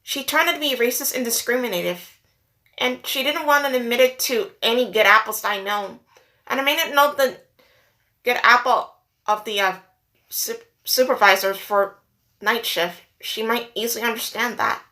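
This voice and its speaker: A woman's voice: fairly high pitch, moderate pace, sharp tone. A woman speaking earnestly and upset in a personal vlog, holding back tears and repeating herself for emphasis. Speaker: vlogger. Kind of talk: emotional personal rant to camera.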